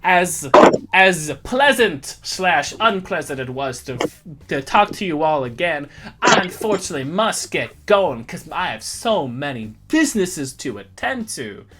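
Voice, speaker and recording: A game master voicing a pompous, mock-polite Southern gentleman crime boss with a put-on drawl in a tabletop game. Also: mid-range voice, sing-song, measured pace, slight background noise. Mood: veiled threat. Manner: florid, genteel, mock-polite. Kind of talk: tabletop game role-play.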